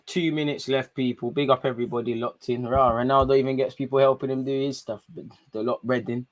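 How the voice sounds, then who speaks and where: A man's voice: mid-range voice, fast talker. Young guy streaming a footy watchalong, slangy, chatty, gets hyped on goals. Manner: chatty, excitable, slangy street talk. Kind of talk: live match watchalong commentary.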